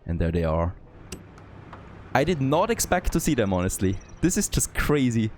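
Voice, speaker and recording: A man who is not a native English speaker, thinking aloud and getting excited as he comments on a city-building game. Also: medium pitch, normal speed, slight background noise. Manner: thinking aloud, easily excited, frequent "there you go". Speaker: gameplay commentator. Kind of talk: let's play commentary.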